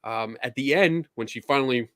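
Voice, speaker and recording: Speaking at an ordinary pace in a medium register, this male podcast host spins relaxed, conversational stories and performs the back-and-forth of quoted dialogue. The audio is studio quality with no room sound.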